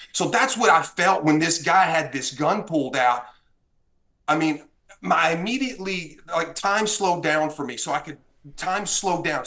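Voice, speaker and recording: High-voiced man telling a story. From Texas. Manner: animated, acts out dialogue in the story. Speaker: podcast guest, appraiser. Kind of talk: casual storytelling.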